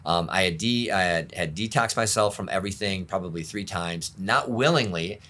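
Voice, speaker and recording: A middle-aged man with a very low, deep voice speaks candidly as a pastor being interviewed. He tells his story openly and pokes fun at himself, his deep tone staying low as he talks. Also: normal speed, pushed and bright. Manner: open, self-deprecating, laughs at himself.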